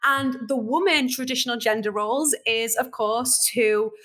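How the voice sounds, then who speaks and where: Animated young woman, podcast host. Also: fairly high pitch, normal speed. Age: young adult. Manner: animated, laughs often, stretches words for emphasis. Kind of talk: casual podcast chat.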